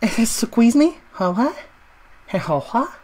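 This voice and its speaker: A young woman playing a video game and commenting, very expressive and swinging between groans and outraged shouts. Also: fairly high pitch, slow. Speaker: let's play gamer.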